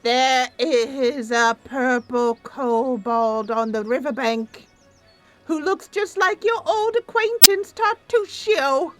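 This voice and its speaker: A woman voicing a boastful male kobold chieftain who calls himself king, making slow, pompous proclamations. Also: high-pitched, a bit bright, soft background music, voice pushed up.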